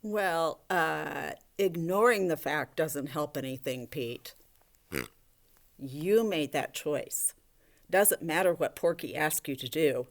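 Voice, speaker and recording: Slow, animated woman teaching small children. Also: low voice. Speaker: elementary school teacher. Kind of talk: video lesson for young children with a puppet.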